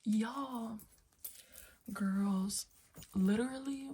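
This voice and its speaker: Slow, chatty young woman vlogger. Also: fairly high pitch, slight background noise. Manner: playful, rambling, bursts of loud exclamation. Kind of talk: casual chatty vlog.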